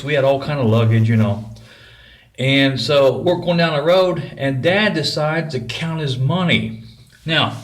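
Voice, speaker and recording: A middle-aged man telling a personal story in a folksy, rambling way. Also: mid-range voice. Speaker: vlogger.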